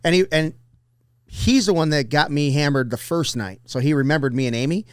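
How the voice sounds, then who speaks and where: A man's voice: a little high, a little fast, clear, resonant tone, no room sound, studio quality. A man telling rambling, profane anecdotes on a casual podcast.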